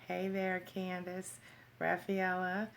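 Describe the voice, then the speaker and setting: A woman hosts a relaxed livestream on her phone. Her voice sits low with a gravelly, fry-touched edge. She talks in quick, chatty bursts, laughs easily and thanks her viewers one by one. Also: slight background noise. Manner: chatty, greets and thanks viewers by name, reads comments aloud. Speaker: livestream host. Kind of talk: casual live chat with viewers.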